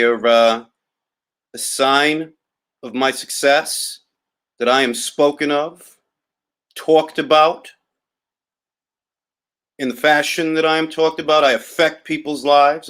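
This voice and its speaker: A man's voice: fairly high pitch, fairly bright tone. Young Harlem man, New York accent, livestream boxing host; laid-back drawl, wry and cocky. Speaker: boxing talk host reading live chat. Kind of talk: casual livestream chat.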